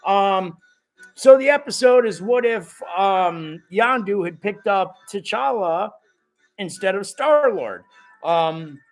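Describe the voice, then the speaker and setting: A man with a high voice hosts a live stream in a casual, joking way, reading viewer comments aloud. His voice cracks a little now and then. He swoops up and down as he talks, over faint background music. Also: slow. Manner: animated and jokey, talks straight to the viewers.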